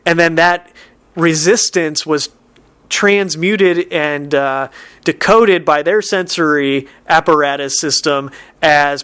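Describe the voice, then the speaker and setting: A man's voice: fairly high pitch, moderate pace, a bit bright, clear, resonant tone. A man giving a casual, rambling spiritual monologue, reflective and given to frequent laughs. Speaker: spiritual talk host.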